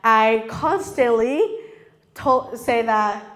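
A woman's voice: a little high, drawn-out words. A woman preaching a sermon in English, her third language, earnest and open, often checking in with the audience. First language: not English (English is her third language). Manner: earnest, confessional, asks the audience "okay?" often.

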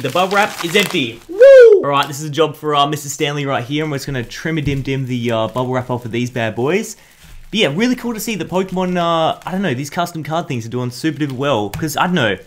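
A young man hosting an excited card unboxing, hyped and full of slang. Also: medium pitch, a little hiss or hum. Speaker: YouTube host.

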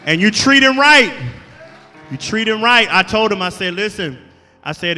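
A man, a guest pastor preaching a sermon with call-and-response and rising shouts. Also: high-pitched, animated, moderate pace, pauses often. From Alabama, USA. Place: church sanctuary. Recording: echoey church hall with music behind.

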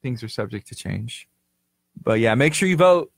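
A man's voice: mid-range voice, expressive, moderate pace, creaky, slightly rough, no room sound. A man co-hosting a radio show, chatting casually and rambling, often trailing off mid-thought. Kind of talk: casual talk-radio banter. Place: radio studio.

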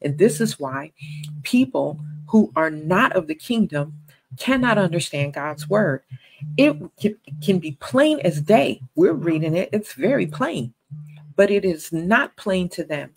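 A woman's voice: fairly low pitch, very animated, measured pace, creaky, husky, rough recording. A woman giving a sermon-style Bible teaching, earnest and conversational, with emphatic stresses.

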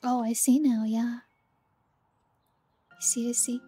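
A woman's voice: on the high side, flat delivery, takes it slowly, mellow, breathy edge, soft background music. A young woman streaming a game, chatting casually and bubbly with viewers, often giggling. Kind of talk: casual game livestream chat.

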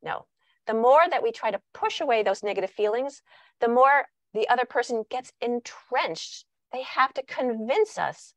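Lively woman giving a parenting talk. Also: a little high, moderate pace, no echo, muffled recording. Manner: animated, acts out quoted dialogue. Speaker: parenting workshop speaker. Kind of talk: presentational talk.

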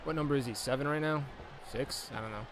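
Speaking quickly in a mid-range voice, this young man offers loose, joking commentary on a wrestling video game, drifting now and then into pretend play-by-play. Game music sounds in the background of an echoey room.

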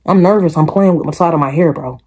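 Hosting a reaction video, this woman speaks quickly in a low, slightly rough voice. Her tone is casual but emphatic and animated; she addresses viewers head-on and keeps circling back to the same points.

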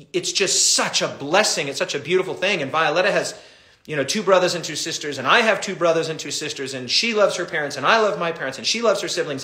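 A middle-aged man, a pastor, teaching a Bible study in an animated, impassioned way. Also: a little high, roomy sound.

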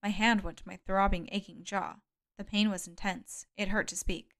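A woman reading a first-person thriller audiobook in a measured, steady narration. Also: mid-range voice. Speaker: audiobook reader.

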